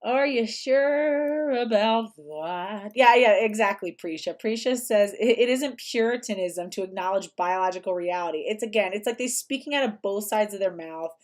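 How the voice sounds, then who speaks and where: Woman, young adult, livestream host, casual commentary, sarcastic, filler-heavy, medium pitch. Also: fairly quick, hardly any pauses. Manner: chatty, sarcastic, frequent "like" fillers.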